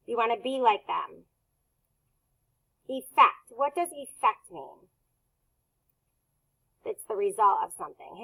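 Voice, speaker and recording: A woman teacher leading a recorded phonics lesson for young students, speaking slowly and clearly and pausing for answers. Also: fairly high pitch, fairly bright tone, poor audio.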